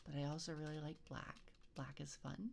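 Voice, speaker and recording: A woman streamer chatting softly in an ASMR stream, hesitant and rambling, often slipping into a whisper, into a binaural microphone. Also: low-pitched, level tone, moderate pace, creaky, slight background noise. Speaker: VTuber streamer. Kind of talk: soft-spoken ASMR stream chat.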